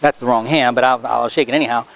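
A man working as a stage hypnotist at a school show, brisk and playful with his volunteers and slow and low when putting them under. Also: steady tone, vocal fry, fairly bright tone, poor audio. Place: high school stage before a student audience.

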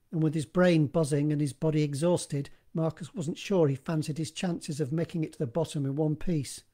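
A man narrating his own horror story in a steady, measured reading, recorded in one live take. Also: fairly high pitch.

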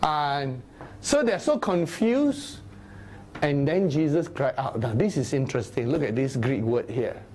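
A man teaching a Bible study sermon, animated, sometimes dropping into low, grave tones. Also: measured pace. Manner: animated, acts out crowd voices in a raised voice; drops to low, grave tones for solemn points.

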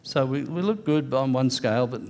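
A man's voice: medium pitch, lively intonation, fairly quick, a little mellow. Man preaching an earnest sermon. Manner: earnest, conversational preaching with light humor. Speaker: pastor. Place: church.

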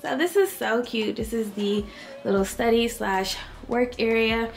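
A woman's voice: on the high side, unhurried, creaky. A woman in her late twenties chatting casually to her viewers from her bedroom, full of fillers and stretched-out words. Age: late 20s. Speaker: vlogger. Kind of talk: casual chat to camera. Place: home bedroom. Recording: roomy echo, faint music behind.

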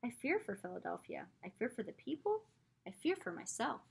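A man's voice: very high-pitched, huge pitch swings, fairly quick, vocal fry, husky, exaggerated voice. A woman reading aloud speaks the lines of a worried, fearful man of the town. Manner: grave and fearful.

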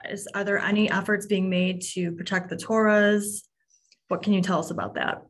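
A woman moderating a webinar, reading audience questions over a video call in a relaxed way. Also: mid-range voice, normal speed.

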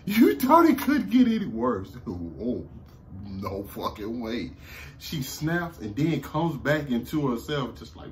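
A man with a Southern American accent recapping a TV episode in a casual, excited, profane way, laughing often, slumped low in a seat at home. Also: takes it slowly, a little hiss or hum. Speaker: TV review vlogger.

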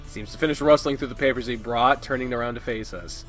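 A man playing through a visual novel, reading the narration aloud in a casual style and reacting loudly between passages. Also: mid-range voice, quick pace, hardly any pauses, faint music behind.

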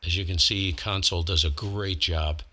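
A man narrating a hands-on ham radio receiver comparison, explaining calmly as he tunes. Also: sits low, moderate pace. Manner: relaxed, explanatory, talks while tuning. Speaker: ham radio equipment reviewer.

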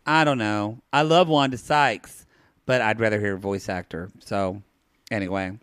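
A man co-hosting a podcast in casual chat, animated and playful, jumping into high-pitched quoted voices. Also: moderate pace, clear, resonant tone, no echo. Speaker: podcast co-host.

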